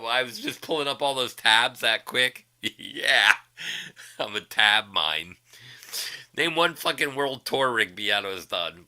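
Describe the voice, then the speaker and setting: A man's voice: medium pitch, bright, forceful tone. A man hosting a casual livestream, profanely mocking a rival with frequent laughter. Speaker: livestream host.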